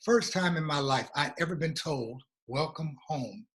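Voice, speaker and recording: American guy telling his story, earnest and reflective, a bit high-pitched. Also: a bit bright. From USA. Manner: earnest, reflective, slow at emotional moments. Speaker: guest, regional coordinator. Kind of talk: personal storytelling in a conversation.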